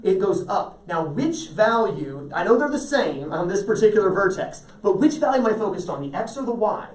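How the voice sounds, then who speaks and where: During a math class lecture, a man with a high-sitting voice and lively intonation speaks at normal speed. He walks through problems and keeps asking whether the students are following along. The audio carries a roomy echo, with the speaker far off.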